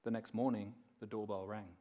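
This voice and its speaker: Measured male speaker telling stories. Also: lowish voice, little pitch movement. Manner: measured storyteller who drops quiet and slows for effect. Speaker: conference speaker. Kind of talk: talk on faith woven with storytelling.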